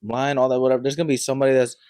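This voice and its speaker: A man's voice: mid-range voice, flat delivery, very fast, a little mellow, clear, resonant tone, dry recording, studio quality. A man from Connecticut hosting a podcast, talking in an easygoing, casual way. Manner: easygoing, says bro. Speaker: podcast host. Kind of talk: casual chat.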